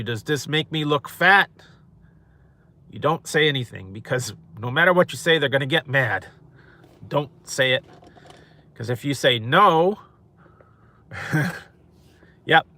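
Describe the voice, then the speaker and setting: A man's voice: medium pitch, pushed and bright. A man hosting a food mukbang, chatting casually with live viewers and rambling, chuckling often. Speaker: mukbang host.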